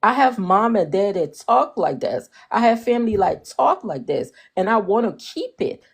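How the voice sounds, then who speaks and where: A woman in her forties with a Liberian accent, speaking as a panelist and defending herself in a forceful, lecturing way. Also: mid-range voice, sing-song, normal speed, breathy edge. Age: 40s. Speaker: panelist on a live audio discussion. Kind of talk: heated discussion.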